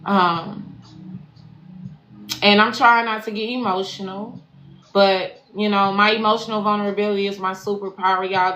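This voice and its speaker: A woman's voice: mid-range voice, steady tone, moderate pace, long pauses, bright, forceful tone, muffled recording. A woman spiritual life coach closing a live stream, slangy, affirming and profane, repeating phrases for emphasis. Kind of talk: live-stream sign-off to followers. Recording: echoey room with faint background noise.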